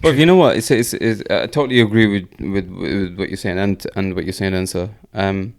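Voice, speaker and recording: A man's voice: low-pitched, a little fast, vocal fry. A man, co-hosting a casual podcast, earnest and repetitive, full of rhetorical asides. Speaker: podcast co-host. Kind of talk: casual chat.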